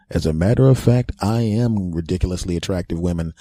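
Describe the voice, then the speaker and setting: A man's voice: low voice, fairly quick, hardly any pauses, warm tone, dry recording, clean studio sound. A man hosting a podcast, telling a funny story in a self-mocking monologue and laughing at his own jokes. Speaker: podcast host.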